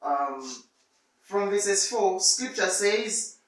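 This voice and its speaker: A man quietly reading scripture and answering a preacher, recorded in an echoey room far from the mic. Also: high voice, expressive, extremely slow. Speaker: scripture reader and responder.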